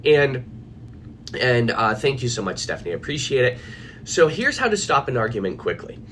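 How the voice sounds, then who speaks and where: A man's voice: mid-range voice, sing-song, moderate pace, fairly bright tone, a little hiss or hum. A man coaching on anxiety, talking casually and animatedly to viewers from his office, with fillers and restarts. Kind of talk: casual live video chat.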